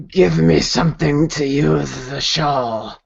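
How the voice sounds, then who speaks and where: Man doing a hoarse lizard-man captain. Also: a little high, slow, full character voice. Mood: urgent. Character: hoarse part-lizard male sea captain, forked tongue, menacing. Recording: dull lo-fi recording.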